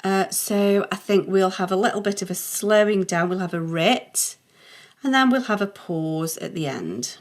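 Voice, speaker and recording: A woman's voice: mid-range voice, lively intonation, normal speed. A middle-aged woman, a music theory teacher talking through a worked exercise patiently and thinking aloud as she writes. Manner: patient, thinking aloud, sings short note sounds.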